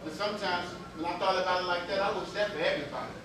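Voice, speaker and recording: A man's voice: high-pitched, racing. Storytelling man on a live stage. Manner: conversational storytelling with slang, repeats and voice shifts. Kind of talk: live comic monologue. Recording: echoey hall from far off with audience.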